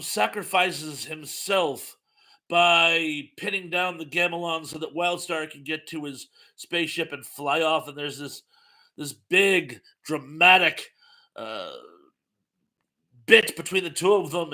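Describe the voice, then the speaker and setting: A man's voice: a little high, measured pace, pushed and bright. A man in his fifties hosting a casual live chat, reading viewer comments aloud and chatting between them with plenty of fillers. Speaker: host.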